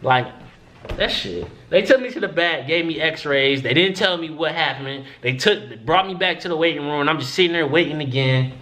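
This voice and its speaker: A man's voice: fairly high pitch, normal speed. A young man telling a story to the camera in casual, profane storytelling, acting out what people said. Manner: animated, profane, acts out quoted voices. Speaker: vlogger.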